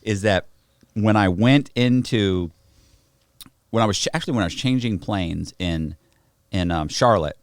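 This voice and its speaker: A man's voice: lowish voice, a little slow, pauses often, smooth, no room sound. A man telling a long anecdote as a podcast guest, rambling with many restarts and slang. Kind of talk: casual storytelling chat. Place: podcast studio.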